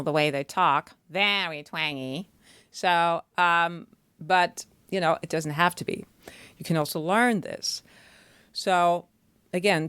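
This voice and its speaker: A woman's voice: sits low, clear, resonant tone, dry recording. A woman voice teacher explaining singing technique in a chatty, step-by-step way, often checking in with the listener.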